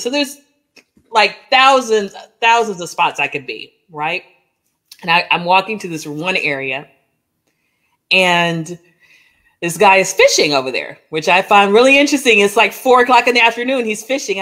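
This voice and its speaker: A woman co-hosting a podcast, telling a lively personal story in casual chat and acting out the dialogue as she goes. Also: mid-range voice, moderate pace. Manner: animated storyteller, acts out dialogue, frequent "like" and "oh my gosh". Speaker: podcast co-host.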